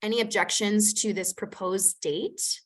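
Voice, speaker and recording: A woman's voice: medium pitch, steady tone, unhurried. Woman running a zoom committee meeting, friendly and rambly, lots of ums. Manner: warm, chatty, many "um"s. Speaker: city planner leading a committee meeting. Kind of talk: online meeting facilitation.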